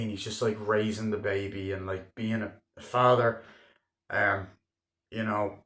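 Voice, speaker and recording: Excitable young man reviewing a film. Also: on the low side, moderate pace. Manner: excitable, swearing, acts out scenes with raised voice. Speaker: movie reviewer. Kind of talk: casual spoken film review. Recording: echoey room.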